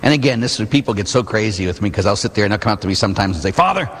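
A man's voice: lowish voice, very fast, breathy edge, long reverb tail. A man, a Catholic priest, giving a conversational sermon full of rhetorical questions to his congregation in a church.

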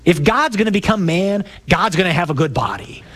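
A middle-aged priest giving an emphatic talk to a parish group, building up to loud exclamations. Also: male voice, high voice, expressive, brisk, a crowd in the background.

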